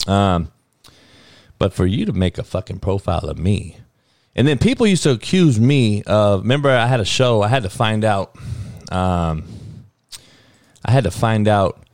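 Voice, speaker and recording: A man's voice: on the low side, animated, moderate pace, long pauses, a little mellow, no room sound, clean studio sound. A middle-aged man from Compton, a football coach hosting his own show, ranting bluntly with heavy swearing. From Compton, California. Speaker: football coach and podcast host. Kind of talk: profane ranting monologue.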